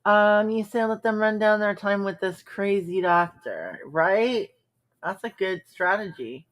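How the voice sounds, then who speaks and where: A woman's voice: medium pitch, lively intonation, unhurried. A woman hosting a live stream, chatting casually and bluntly with viewers, sarcastic and full of ums. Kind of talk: casual chat reacting to viewer comments.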